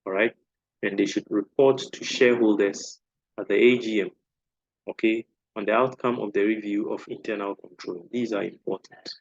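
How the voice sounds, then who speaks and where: A man lecturing on a course topic in an explanatory way, often checking in with a quick "okay?". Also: on the low side, fairly even intonation, gravelly, husky, dry recording, highs cut off. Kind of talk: recorded lecture.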